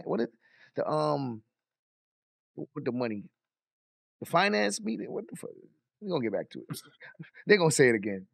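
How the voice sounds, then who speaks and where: A man giving slangy, animated reaction commentary on a meeting clip, with chuckling asides. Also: a little high, creaky, dry recording, clean studio sound.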